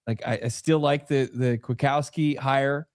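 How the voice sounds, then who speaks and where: A man's voice: mid-range voice, fairly even intonation, unhurried. A man co-hosting a casual sports podcast, talking in a dry, self-mocking way with frequent restarts. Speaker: podcast co-host.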